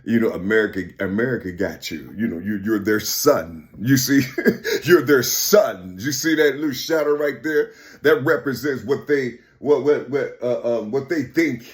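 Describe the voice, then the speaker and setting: A man in a rambling, profane monologue who keeps repeating "you see" and swings between loud outbursts and quiet muttering. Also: medium pitch, moderate pace.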